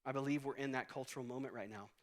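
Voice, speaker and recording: A man's voice: medium pitch, fairly even intonation, very fast. A man in his late thirties preaching a sermon as pastor, in a conversational, storytelling way with humor. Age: 30s. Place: church auditorium stage.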